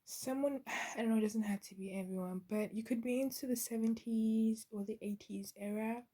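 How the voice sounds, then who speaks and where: Soft breathy woman giving a spiritual reading. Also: on the high side, fairly even intonation. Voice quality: breathy, half-whispered. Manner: soft, gentle, halting with fillers. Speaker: intuitive card reader.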